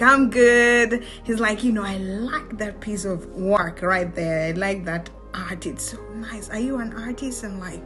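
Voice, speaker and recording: A young Kenyan woman telling a personal story in a casual vlog. She is animated, slips into Swahili slang and laughs often. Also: mid-range voice. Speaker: vlogger.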